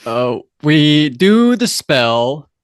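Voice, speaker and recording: A man's voice: big pitch swings, very slow, clean tone, no room sound, studio quality. A man co-hosting a podcast, chatting casually as he recaps a TV episode, often correcting himself mid-sentence. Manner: rambling, self-correcting, quotes lines in a lowered voice. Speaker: podcast co-host.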